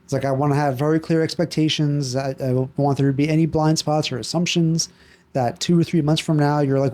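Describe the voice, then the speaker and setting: A man who is an assistant pastor, recounting a congregation Q and A in a relaxed, conversational way. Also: on the high side, a little fast. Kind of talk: casual faith chat.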